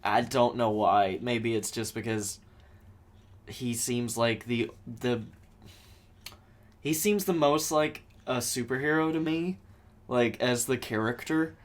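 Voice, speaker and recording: Male co-host, casual movie chat, halting, lots of restarts. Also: mid-range voice. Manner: halting, restarts, laughs often, acts out quotes. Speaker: podcast co-host.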